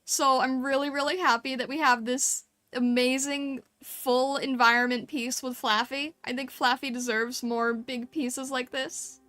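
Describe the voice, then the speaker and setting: Woman streamer, bright clear voice, slightly high, gushing casual chat, faint music behind. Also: fairly even intonation, measured pace, hardly any pauses, no room sound. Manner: gushing, chatty, filler-heavy, laughs often. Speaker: streamer reviewing fan art.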